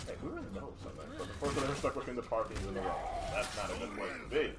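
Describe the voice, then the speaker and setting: A man's voice: lowish voice, expressive, rapid-fire, heavy background noise. A man chatting casually during a game stream, reading viewer comments and sharing bits of trivia. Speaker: co-host. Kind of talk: casual chat while gaming.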